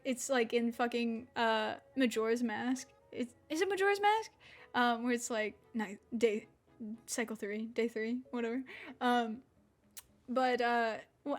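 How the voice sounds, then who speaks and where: A young woman streaming, rambling through a story in casual chat, self-deprecating, swearing often, with laughs between words. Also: sits high.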